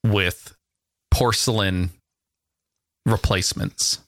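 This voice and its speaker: A man co-hosting a casual comedy podcast, riffing on silly ideas in a deadpan, rambling way. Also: on the low side, takes it slowly, no echo, clean studio sound. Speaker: podcast co-host.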